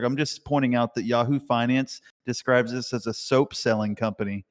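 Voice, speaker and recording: A man ranting excitedly and swearing a lot while chatting on a live voice call. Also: mid-range voice, moderate pace, big-room sound. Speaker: caller in a live voice chat. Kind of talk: casual chat.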